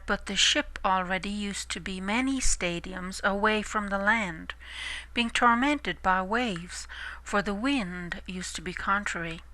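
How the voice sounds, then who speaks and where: A woman reading and explaining a Bible passage, slow and emphatic, restating words with alternate glosses. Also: medium pitch, pushed and bright, low-quality recording. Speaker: Bible teacher.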